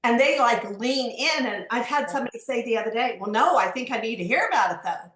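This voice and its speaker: A woman's voice: a little high, lively intonation, fairly quick, fairly bright tone. Upbeat woman giving sales tips, roomy sound. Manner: upbeat, enthusiastic, evangelical phrasing. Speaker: guest on a team call. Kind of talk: sales advice. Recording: roomy call audio.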